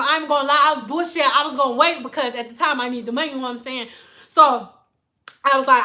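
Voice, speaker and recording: A woman with a Detroit accent tells a profane story in a high, bright voice on a livestream. She talks animatedly and breaks off to thank donors. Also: fast talker. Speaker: hairstylist and livestream host.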